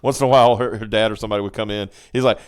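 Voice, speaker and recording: A man's voice: lowish voice, steady tone, racing, noisy background. A man hosting a casual live stream, rambling through stories with frequent laughter and restarts. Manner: rambling storyteller, laughs often, restarts sentences. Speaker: podcast host.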